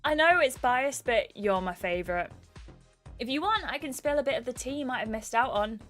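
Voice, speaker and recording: A woman reading game dialogue aloud as a bubbly, starstruck young female VIP host with gushing, excitable fangirl chatter. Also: a little high, fairly quick, soft background music. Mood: gossipy.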